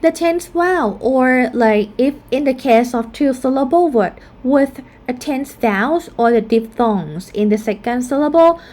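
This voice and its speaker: Slow, careful woman teaching phonetics. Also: high voice, a little mellow. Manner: explanatory, repeats example words slowly. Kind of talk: casual recorded lesson.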